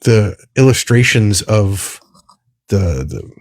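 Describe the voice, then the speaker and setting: A man's voice: lowish voice, animated, slow, no echo, clean studio sound. A man co-hosting a podcast in casual chat, rambling and searching for words as he talks. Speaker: podcast co-host.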